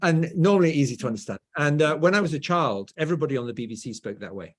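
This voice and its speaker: Speaking fast in a voice on the high side with lively intonation, this middle-aged Englishman is a guest author being interviewed. He has a BBC-style southern English accent and tells stories, frequently tagging his points with "right?".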